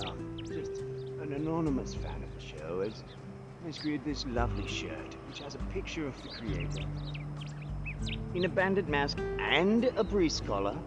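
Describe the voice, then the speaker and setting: A man's voice: medium pitch, very animated. A man doing a comic ad read for a podcast shirt, joking and slipping in mock threats. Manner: slow, joking, sudden loud mock threats. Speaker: podcast host. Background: loud music.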